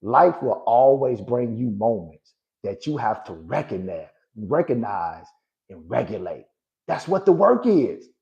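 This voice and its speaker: A man's voice: mid-range voice, sing-song, a little slow, vocal fry, dark tone, dull audio. A man in his forties, a life coach hosting a motivational live talk, emphatic and preachy, often checking in with his listeners. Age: 40s. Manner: emphatic and preachy, tags lines with "right?" and "good people".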